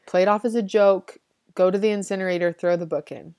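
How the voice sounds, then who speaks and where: A woman's voice: fairly low pitch, steady tone, brisk, a little mellow, no echo, studio quality. A woman giving a casual, chatty retelling of a novel's plot, with a slangy way of talking and frequent "like". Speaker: book summary presenter. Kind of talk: casual book summary.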